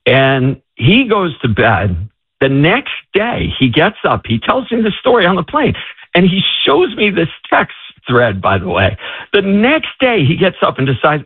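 A man, an author, telling a faith story in a lively way and acting out the voices he quotes. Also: on the high side, unhurried, slightly rough, dry recording, phone-quality sound. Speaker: author and guest. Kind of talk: animated storytelling.

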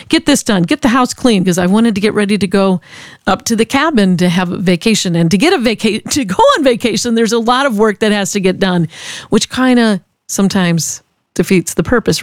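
A woman's voice: mid-range voice, no room sound, studio quality. A woman radio host telling a personal devotional story in an earnest, storytelling way.

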